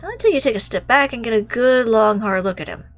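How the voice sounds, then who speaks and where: A woman reading a visual novel aloud, reacting with animated exclamations and the odd swear word. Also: fairly high pitch, fast. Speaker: game streamer.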